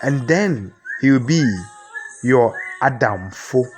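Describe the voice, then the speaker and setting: A man's voice: medium pitch, animated, slow pace, music in the background. A man with a Ghanaian accent giving a comic mock lecture, explaining word by word and asking rhetorical questions. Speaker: comedian.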